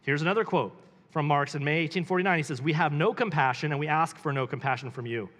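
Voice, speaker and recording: A man's voice: fairly high pitch, fast, fairly bright tone. Emphatic man reading with hall reverb. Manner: reads quotes then comments with rising emphatic questions. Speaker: pastor. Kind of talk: live book reading with commentary.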